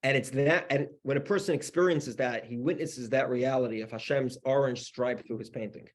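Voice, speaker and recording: A male rabbi tells a story to his class in a husky voice at a middle pitch. He talks loosely and conversationally, doubling back on his words as he goes. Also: normal speed. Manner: conversational, with many restarts and "you know". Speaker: rabbi teaching a weekly class. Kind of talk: storytelling lesson.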